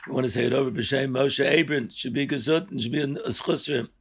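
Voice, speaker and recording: An older man giving an earnest Torah lesson, rising sharply in pitch and volume when he stresses a point. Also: fairly even intonation, fairly quick, gravelly, breathy edge. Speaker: rabbi teaching a Torah class.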